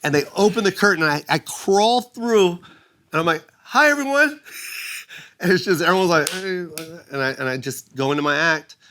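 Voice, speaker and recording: A middle-aged man on a casual podcast, telling a story with animated energy and acting out other people's lines in loud, high voices. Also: fairly quick, slight background noise. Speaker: guest comedian.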